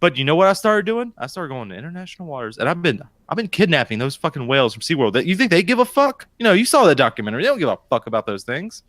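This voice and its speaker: Profane, joking podcast co-host, thirties, lively voice, dry sound. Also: male voice, on the high side, racing, hardly any pauses, no echo. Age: 30s. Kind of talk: casual banter.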